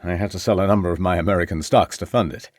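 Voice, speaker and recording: A man voicing a confident American doctor who speaks in a slow, formal drawl and stays calm under questioning. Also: deep voice, no echo, clean studio sound, lightly acted. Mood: assured.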